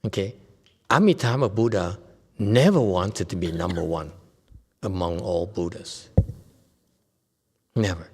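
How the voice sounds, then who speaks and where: Husky and deep, this man speaks unhurriedly with long pauses. He is a Buddhist master from Vietnam lecturing on the dharma in a temple hall, keeping it conversational and jokey and often checking in with listeners, all under a long hall reverb.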